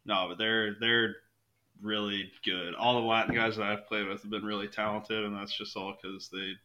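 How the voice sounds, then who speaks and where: A man's voice: on the low side, little pitch movement, moderate pace, pushed and bright, low-quality recording. A young man guesting on a casual podcast, a rambling storyteller who swears a lot.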